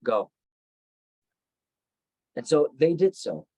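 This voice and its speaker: A man's voice: fairly high pitch, expressive, takes it slowly, dry recording, rough recording. A man teaching a Bible study, retelling the story reflectively with frequent restarts.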